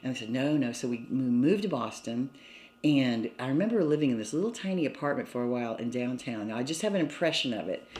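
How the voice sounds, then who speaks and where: Being interviewed indoors in a cottage, this older woman from Mobile, Alabama, chats away about the past and laughs often between phrases. She speaks fast in a very deep, expressive and slightly mellow voice. The room gives the audio a roomy echo.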